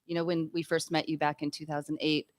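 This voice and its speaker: A woman's voice: deep voice, little pitch movement, fast talker. A woman guest on a food radio show, talking in an upbeat, eager way about restaurants. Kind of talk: casual radio chat.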